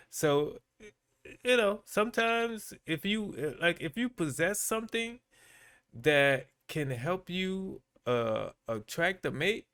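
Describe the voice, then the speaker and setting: Slow, smooth-voiced male vlogger. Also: a little high, fairly bright tone. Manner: laid-back, chatty, with frequent fillers and laughs. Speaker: vlogger and host. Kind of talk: casual commentary.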